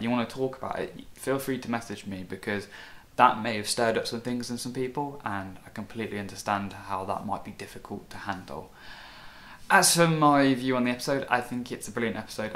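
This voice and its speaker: A man's voice: on the low side, a bit bright. A man hosting a reaction video, talking in a casual, earnest and reflective way, loose with fillers.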